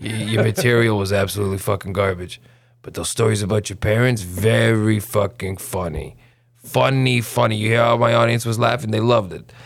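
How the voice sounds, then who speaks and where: A blunt, foul-mouthed club owner, as a man puts him on, talking plainly and swearing freely. The voice sits fairly low and sounds rough-edged and no-nonsense. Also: steady tone, moderate pace, no echo. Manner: crude, swearing, plain-spoken. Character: blunt gruff male comedy club owner.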